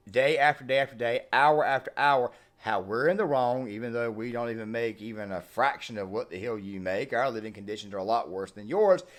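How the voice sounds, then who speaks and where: Ranting male sports commentator. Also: mid-range voice. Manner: ranting, emphatic. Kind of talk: opinionated commentary.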